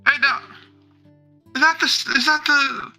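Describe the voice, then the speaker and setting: Nosy spectators in a fantasy crowd, as a man puts them on, chattering and bickering in a raised, bright voice. They talk over each other with eager gossip. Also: very high-pitched, fairly even intonation, unhurried, soft background music, voice pushed up, full character voice.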